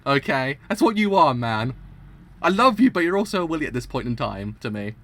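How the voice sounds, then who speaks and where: Animated man in dramatic mock outrage. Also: fairly high pitch, fairly quick. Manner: dramatic, exaggerated mock outrage, laughs often. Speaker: streamer reacting to manga. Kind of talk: live reaction commentary.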